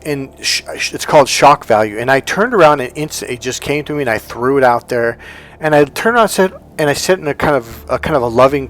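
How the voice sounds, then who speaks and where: A man who works as a relationship coach and hypnotherapist, telling a personal story as motivational talk and acting out the dialogue in it. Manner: animated, acts out quoted dialogue with high lifts in pitch.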